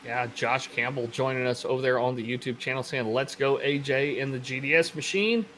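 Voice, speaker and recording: A chatty man with a Canadian accent adds color commentary to an online race and reads out viewer comments. His voice is mid-pitched. Faint noise runs underneath. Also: steady tone, brisk, a bit bright. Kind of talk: casual color commentary and chat.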